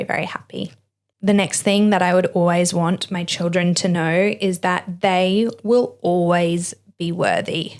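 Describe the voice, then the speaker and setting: A young woman hosting a podcast, talking in an earnest, heartfelt monologue. She is emotional and close to tears, with plenty of "like" and "you know". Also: fairly low pitch. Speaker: podcast host. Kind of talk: personal reflective monologue.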